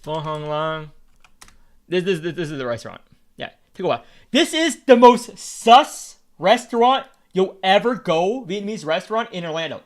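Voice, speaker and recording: A man's voice: sits high, sing-song, normal speed. A Vietnamese American man streaming, rambling in casual chat, repeating words and swearing freely as he talks. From United States.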